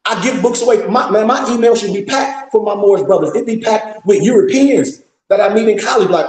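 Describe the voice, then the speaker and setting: A man's voice: high-pitched, fairly quick, few pauses, darkish tone, reverberant. A man hosting a live discussion, lecturing in a blunt, profane, scolding way. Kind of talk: impassioned lecture-style talk.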